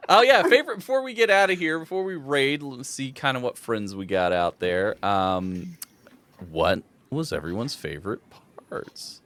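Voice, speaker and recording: A man hosting a tabletop game stream, talking casually with his players. His pitch swings widely as he laughs and rambles through restarts. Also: animated, moderate pace, a bit bright. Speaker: game master. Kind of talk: casual post-session chat.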